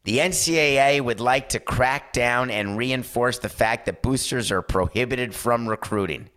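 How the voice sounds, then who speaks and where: Hosting a sports talk show, a man in his fifties delivers an opinionated, sarcastic monologue at a moderate pace with few pauses. His voice is medium-pitched, and he gets animated and slips into mock voices.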